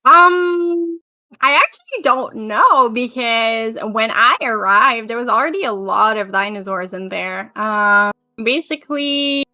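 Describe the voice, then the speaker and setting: A woman guest in a casual talk show chat, animated and playfully protesting. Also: a little high, slow pace, no echo. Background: faint background music.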